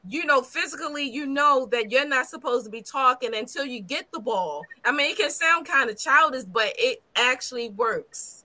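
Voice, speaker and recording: Bright high-voiced woman giving advice. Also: lively intonation, moderate pace, hardly any pauses. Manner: encouraging, gives practical advice. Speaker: podcast co-host. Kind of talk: casual chat.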